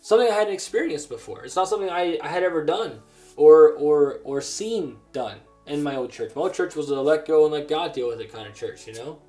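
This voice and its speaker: A man's voice: on the high side, expressive, warm tone, soft background music. Earnest man preaching a testimony sermon. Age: adult. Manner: earnest, halting with many restarts.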